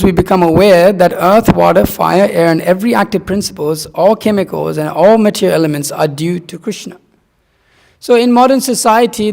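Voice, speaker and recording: A man's voice: high-pitched, creaky. A man from Nepal, giving a rambling, conversational scripture class and repeating points for emphasis. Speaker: spiritual teacher. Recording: long reverb in a hall.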